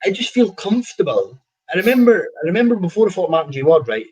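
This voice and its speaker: A man's voice: high-pitched, very animated, fast talker, a little mellow, husky, rough recording. A man, a professional boxer telling stories in a casual interview, rambling with restarts and laughing at himself.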